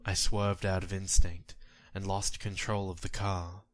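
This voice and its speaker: Man slowly narrating a creepy horror story, grim and measured, low voice. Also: little pitch movement. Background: faint music.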